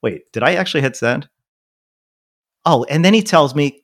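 A man's voice: a little high, animated, moderate pace, long pauses. A man ranting and swearing in casual podcast chat as a co-host.

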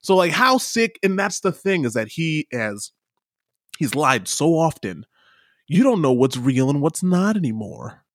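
A man co-hosting a casual political podcast, ranting in an animated, mocking way with stammered restarts. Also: fairly high pitch, unhurried, no echo, clean studio sound. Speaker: podcast co-host.

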